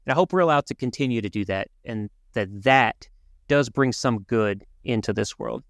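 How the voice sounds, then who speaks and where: A man co-hosting a podcast, talking through world events in an earnest, measured way with some restarts. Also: medium pitch, creaky, dry recording. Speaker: podcast co-host. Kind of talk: casual conversational commentary.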